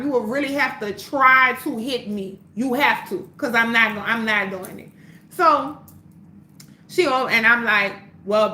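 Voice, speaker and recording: A woman on a livestream telling a story in a casual, animated way, full of swearing, her voice swinging between loud and hushed. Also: on the high side. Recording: roomy echo, faint background hum.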